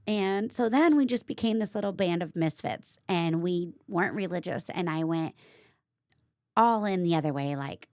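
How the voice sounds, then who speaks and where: A woman hosting her own vlog, candidly telling a personal story in a casual, animated way. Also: fairly low pitch, moderate pace, no echo, clean studio sound. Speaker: vlogger host.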